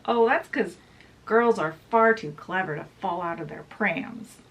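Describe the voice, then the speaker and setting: A woman voicing a cocky, carefree boy who leads a gang of runaways, in a high sing-song voice. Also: a little slow, muffled recording, close to an everyday voice. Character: boyish cocky flying boy leader.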